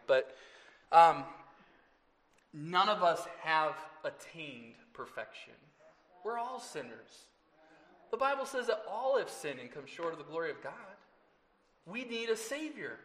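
A man preaching a Mother's Day sermon to his congregation, earnest and often rising loud on scripture, with asides to the listeners. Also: on the high side, in a large hall. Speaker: pastor.

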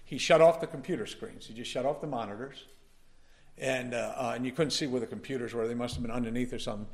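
A man's voice: mid-range voice, fast. A male pastor delivering a sermon, telling a personal story in a folksy way and building up to emphatic preaching.

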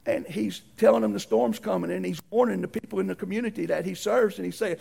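Gravelly preacher, high voice. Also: male voice, fast, few pauses. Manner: animated, acts out voices in stories. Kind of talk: folksy storytelling sermon.

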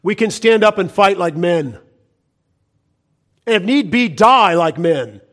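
Middle-aged male pastor with a high-set voice; fervent evangelistic preaching with big swings between cries and quiet warnings. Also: lively intonation, slow pace. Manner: impassioned, swings from loud cries to hushed, low-voiced warnings. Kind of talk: fiery evangelistic sermon.

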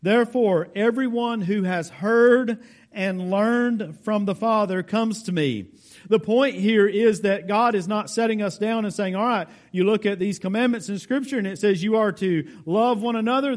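A man with a notably high voice preaches a verse-by-verse sermon. His delivery is deliberate and explanatory, leaning on key words for emphasis while addressing the congregation directly. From United States. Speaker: pastor. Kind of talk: sermon, verse-by-verse Bible teaching.

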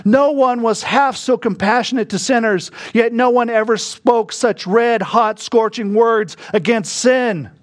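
A man preaching a sermon, moving between quiet, hushed reflection and sudden bursts of emphasis. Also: very high-pitched. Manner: slow, reflective preaching that drops to a hush and rises to bursts of emphasis. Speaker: pastor.

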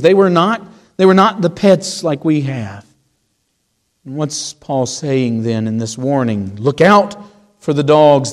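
A man's voice: a little high, a little mellow, big-room sound. A man preaching a sermon as pastor, emphatic and building his points with rhetorical questions.

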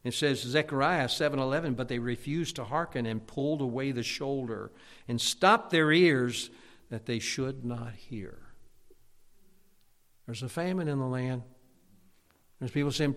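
A man preaching a fiery sermon as pastor, loud and emphatic, with stammered restarts. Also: mid-range voice, a little slow, long pauses. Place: church sanctuary. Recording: long church reverb.

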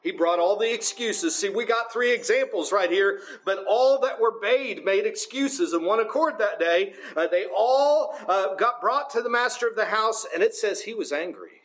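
High-pitched male preacher, conversational sermon delivery. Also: lively intonation, normal speed, few pauses, a bit bright, roomy sound, low-quality recording. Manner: conversational, often asks the congregation "right?".

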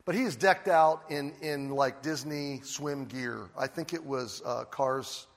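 An older man preaching a sermon as a lively storyteller who acts out the scenes he describes. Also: mid-range voice, slow. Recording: long hall reverb.

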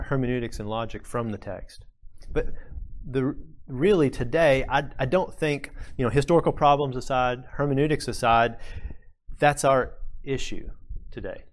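Pastor guy preaching, earnest and emphatic, repeats his big lines, middle-pitched voice. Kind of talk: sermon.

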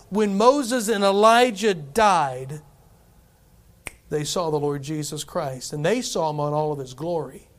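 Man, pastor, animated sermon, slightly high voice, chuckles, quotes scripture. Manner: animated preaching, chuckles, quotes scripture in King James English.

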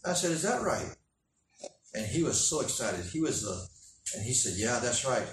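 A man's voice: medium pitch, very animated, moderate pace, far from the mic, background noise. A man preaching, telling a folksy story full of quoted back-and-forth. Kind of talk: sermon storytelling. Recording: echoey room, from the mic.

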